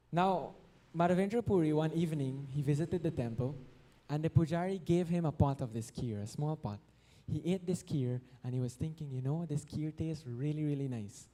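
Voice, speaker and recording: A man's voice: fairly high pitch, warm tone. A man telling a devotional story in a sermon, acting out the voices of the people in it and now and then singing verses. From Guyana. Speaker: devotional speaker. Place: temple hall.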